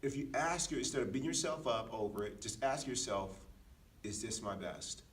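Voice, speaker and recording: A man's voice: mid-range voice, animated, normal speed, recorded from a distance, a little hiss or hum. A man co-hosting a podcast, telling personal anecdotes in an earnest, reflective way with frequent restarts. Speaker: podcast co-host. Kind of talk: casual reflective chat.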